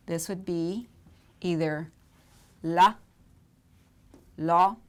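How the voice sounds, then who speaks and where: A woman teaching Hebrew vowels at a board, patiently repeating each sound and checking in with "okay?". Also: fairly low pitch. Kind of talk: whiteboard lesson.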